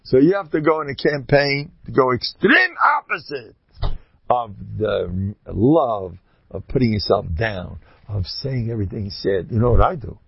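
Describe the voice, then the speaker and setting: A gravelly, husky-voiced man delivering an informal religious talk. He tells stories with wide swings in pitch, jumping high for emphasis and dropping in self-deprecating jokes. The recording is dull and lo-fi. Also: a little slow, dry recording. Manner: animated storytelling, jumps high in pitch for emphasis; joking, self-deprecating asides. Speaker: speaker giving a religious talk.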